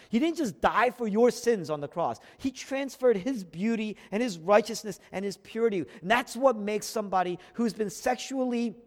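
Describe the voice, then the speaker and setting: A man preaching a sermon as a pastor, swinging from loud emphatic peaks down to near-whispered lines. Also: high-pitched. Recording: long hall reverb.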